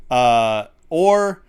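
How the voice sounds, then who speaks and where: On a livestreamed podcast, a male co-host chats casually through a studio mic in a fairly high, smooth voice with a darkish tone. His talk rambles, full of fillers and frequent laughter.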